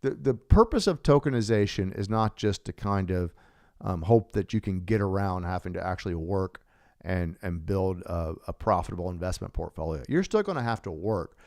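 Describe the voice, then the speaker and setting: Excited man presenting a live online course. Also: low voice, normal speed. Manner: enthusiastic, casual with fillers and restarts.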